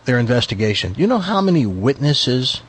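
A man hosting a talk show, chatting casually and telling jokes in an animated, incredulous manner, often repeating words. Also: mid-range voice, moderate pace, husky. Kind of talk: casual chat and joke telling.

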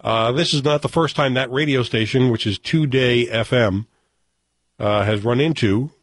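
A man's voice: medium pitch, moderate pace, dry recording. A man hosting a radio talk show, chatting casually in a wry way and reading news items aloud.

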